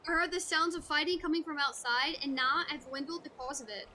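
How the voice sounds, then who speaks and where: A woman's voice: sits high, a little fast, pushed and bright, slight background noise. A woman reading an indignant young female rogue's game dialogue aloud. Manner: indignant, exclamatory.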